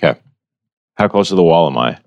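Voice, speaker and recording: A man's voice: low-pitched, animated, fast talker, dry recording, dull audio. A man playing a tabletop game, eagerly declaring his character's attacks. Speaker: player.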